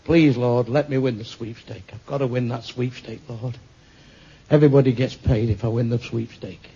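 A man voicing a desperate little man who prays, pleads and curses in a low mutter, with a gravelly voice. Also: steady tone, normal speed, mellow. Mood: pleading. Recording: muffled lo-fi with faint ambience.

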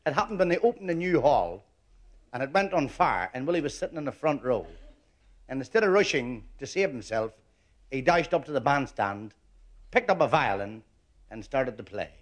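A man telling long story jokes on stage in a stand-up comedy routine, building them up steadily and landing the twist in a deadpan way. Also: medium pitch, moderate pace, long pauses.

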